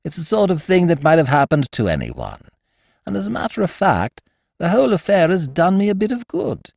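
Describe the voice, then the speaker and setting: A man voicing a good-natured, easygoing English gentleman who talks in a mild bleating way. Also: fairly high pitch, huge pitch swings, a little fast, gravelly, no room sound, studio quality, pitched above the performer's own voice, full character voice. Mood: cheerful. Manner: bleating, pleading.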